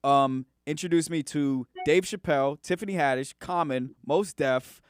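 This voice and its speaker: Podcast host with a dry close sound. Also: male voice, fairly high pitch, normal speed, clean tone, no echo. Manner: loose, rambling, many fillers. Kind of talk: casual interview chat.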